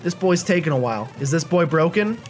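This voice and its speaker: A young man hosting a video game let's play in a chatty, self-deprecating, animated way. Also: fairly high pitch, fairly quick, slight background noise. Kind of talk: casual game commentary.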